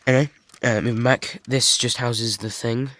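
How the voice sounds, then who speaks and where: A man's voice: mid-range voice, fairly even intonation, normal speed, a bit bright, dry recording. A man with a cold, rambling with lots of ums as he shows off a model he built. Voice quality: husky. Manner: rambling, many ums, self-deprecating asides. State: stuffy and congested from a cold. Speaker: hobby builder showing his model. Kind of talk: casual show-and-tell.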